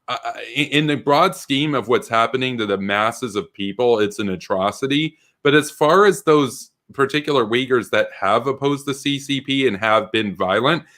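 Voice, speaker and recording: A man's voice: mid-range voice, moderate pace, few pauses, a bit bright. A man hosting an online political debate, arguing emphatically and often stuttering as he restarts sentences.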